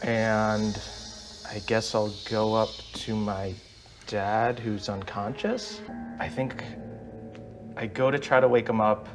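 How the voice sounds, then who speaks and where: A man's voice: on the low side, fairly even intonation, slow pace. A man playing a tabletop game, hesitantly thinking aloud about his character's actions. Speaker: player. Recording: loud music under the voice. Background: loud music.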